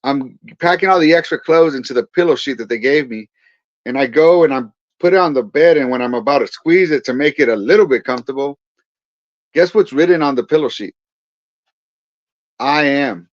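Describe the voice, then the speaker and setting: Man in his forties, pastor telling his testimony, earnest and lively, dull dry recording. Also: medium pitch, moderate pace, no echo. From Central Valley of California. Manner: earnest, animated retelling with quoted dialogue. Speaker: pastor and veteran guest. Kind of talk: storytelling testimony.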